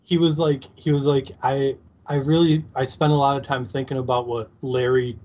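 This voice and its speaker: A man's voice: mid-range voice, little pitch movement, normal speed, darkish tone. A man co-hosting a casual recap podcast, laid-back, agreeing often and cracking crude jokes. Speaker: podcast co-host. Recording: dull lo-fi sound.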